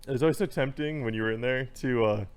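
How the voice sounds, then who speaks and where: A young man, a podcast guest, chatting casually in halting phrases that restart often, getting worked up as he vents. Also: mid-range voice, clean tone. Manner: halting, many restarts, gets worked up when venting. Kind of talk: casual chat.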